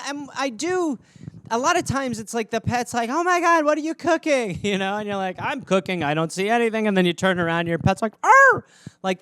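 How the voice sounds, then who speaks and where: A man in his thirties riffs through a solo podcast in a casual, joking ramble. His voice is high and clean, recorded close with a completely dry sound. Now and then he breaks into quick, squeaky character voices. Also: fairly bright tone, smooth, dry recording. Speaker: podcast host.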